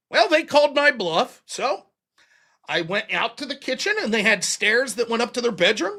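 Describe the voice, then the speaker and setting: A middle-aged American man hosting a livestream, telling stories casually with lots of swearing and laughter. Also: very high voice. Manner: profane, animated, laughs often. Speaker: livestream host. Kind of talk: casual storytelling.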